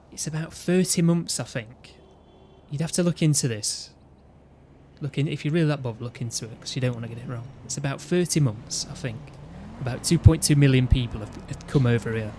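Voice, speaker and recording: A man talks in a loose, rambling rant, his voice sitting at an ordinary middle pitch. He stumbles, restarts sentences and keeps checking in with his listener. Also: a little mellow, a little hiss or hum. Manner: rambling, with frequent restarts and "you know what I mean". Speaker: gaming video host. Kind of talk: casual ranting chat.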